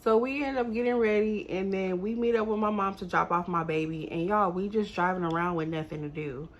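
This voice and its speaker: A young woman telling a story to her viewers in a casual, animated, exasperated way. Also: mid-range voice, brisk, highs cut off.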